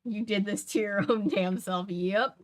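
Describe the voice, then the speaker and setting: A woman's voice: medium pitch, measured pace. A young woman reading a novel aloud, breaking in with sassy, laughing commentary. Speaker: channel host reading a book aloud.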